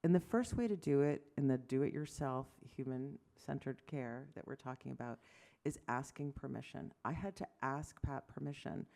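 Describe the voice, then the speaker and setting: A woman in her fifties, a physician giving an award lecture, telling animated stories, acting out conversations and making self-deprecating asides. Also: rumbling low, moderate pace, creaky. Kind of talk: lecture to medical audience.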